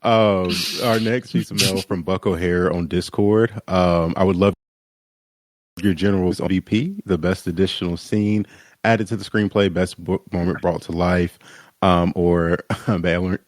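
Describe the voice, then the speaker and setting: Deep-voiced man podcast co-host. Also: fairly even intonation, unhurried, dry recording. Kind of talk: casual chat.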